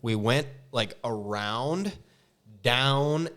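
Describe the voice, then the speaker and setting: Young man in a casual podcast chat: easygoing, rambling delivery with many fillers, mid pitch. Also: drawn-out words. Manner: relaxed, says "like" constantly.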